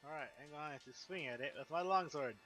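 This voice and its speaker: A man's voice: fairly high pitch, a little fast, sharp tone, soft background music. A man playing in a tabletop game, announcing his attacks and turns matter-of-factly. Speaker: player.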